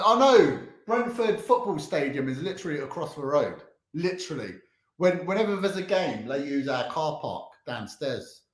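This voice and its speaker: A young man with a London accent chats loosely on a livestream, reading out viewer comments, stumbling over repeated words and laughing along the way. His pitch swings a lot as he talks. The sound is roomy, with a clear echo around him. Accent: London English. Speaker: charity livestream host.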